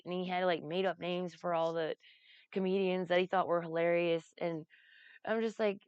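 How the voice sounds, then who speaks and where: A woman's voice: lowish voice, steady tone, brisk, clean tone, no echo, muffled recording. A woman telling casual, rambling stories, laughing often and swearing freely. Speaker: vlogger recounting a comedy festival. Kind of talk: casual storytelling.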